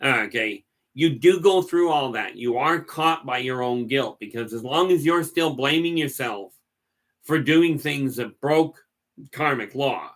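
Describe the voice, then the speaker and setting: A middle-aged man talks to his livestream viewers in a loose, folksy, storytelling way. His voice has a bright, forward edge, and he often repeats a word or two before finishing his thought. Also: mid-range voice, expressive, unhurried. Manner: folksy, digressive, repeats words while talking. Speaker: livestream host. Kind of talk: rambling casual storytelling.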